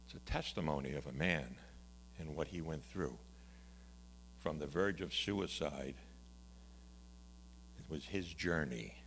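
A man who is a pastor, preaching a conversational, story-driven sermon that swings from loud to hushed. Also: rumbling low, unhurried, long pauses, slight background noise.

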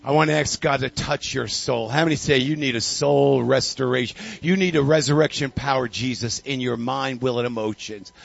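A pastor with a gravelly, medium-pitched voice preaches at normal speed with hardly any pauses. In the church sanctuary he tells stories fervently, repeats phrases, and calls people forward in an altar call. The highs in the recording are cut off.

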